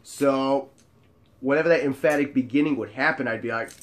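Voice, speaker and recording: A man hosting his own show, telling a casual, animated story with jokes and frequent swearing. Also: mid-range voice, normal speed. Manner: animated and joking, with frequent profanity. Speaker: show host telling bar stories.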